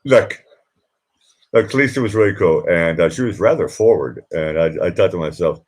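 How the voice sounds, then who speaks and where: A live stream host from Boston chats casually from his home, drifting through stories with frequent laughter and filler words. He talks at a normal speed in a low-sitting voice.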